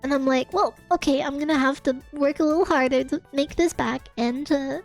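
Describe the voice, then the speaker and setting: A woman's voice: high voice, fairly even intonation, a little fast, faint music behind. A young Australian woman streamer telling a chaotic story to her chat, laughing often and swearing. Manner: laughs often, swears, emotional and breathless retelling. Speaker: VTuber streamer. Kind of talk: casual storytelling rant to chat.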